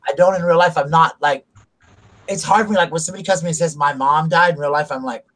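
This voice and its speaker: With a slightly high, fairly bright voice and a quick pace, a middle-aged South Carolinian hosts a relaxed chat. He rambles openly about family and feelings, sounding confessional.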